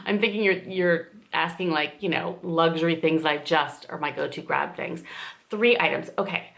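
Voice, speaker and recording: Woman, forties, slight southern Indiana twang, low gravelly voice, chatty and rambling, casual home vlog. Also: normal speed, a bit bright. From southern Indiana, USA. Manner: chatty, rambling, many fillers. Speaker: vlogger answering viewer questions. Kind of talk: casual Q&A chat to camera.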